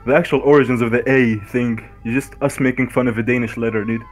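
A man's voice: mid-range voice, fairly even intonation, quick pace, soft background music. A young man co-hosting a casual stream about his game, laid-back and slangy. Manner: laid-back, slangy, says dude a lot. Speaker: game co-creator.

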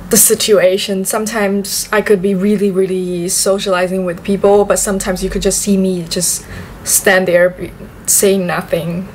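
A woman's voice: medium pitch, slight background noise. A young woman from southern China, a native Chinese speaker talking in English with a Chinese accent, chatting casually in a vlog and repeating words for emphasis. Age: young adult. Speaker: vlogger.

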